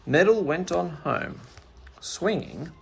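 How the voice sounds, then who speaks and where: Lively man reading a children's story. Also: on the high side, slow pace, creaky, slight background noise. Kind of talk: children's story read aloud.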